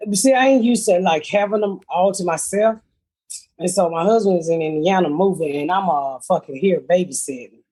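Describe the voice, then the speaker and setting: Husky-voiced woman, blunt and profane. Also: lowish voice, brisk, dark tone. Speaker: comedian podcast host. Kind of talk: casual comedic chat.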